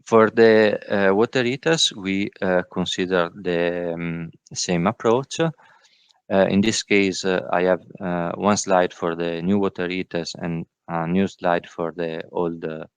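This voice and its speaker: Halting, low-voiced man presenting slides. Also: fairly even intonation, smooth, dry recording. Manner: halting, many filler sounds. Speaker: workshop presenter. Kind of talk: technical presentation. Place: virtual workshop call.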